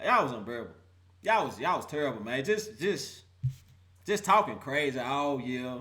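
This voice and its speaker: A man's voice: mid-range voice, big pitch swings, unhurried, sharp tone. A young adult man hosting a live call-in sports show, roasting players and fans in a laughing mock-preacher style.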